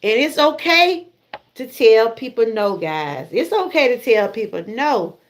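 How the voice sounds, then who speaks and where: A woman's voice: fairly high pitch, very animated, a little slow. A middle-aged woman with a Southern US accent, chatting casually to her viewers on a livestream and laughing often. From Georgia, USA. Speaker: livestream host.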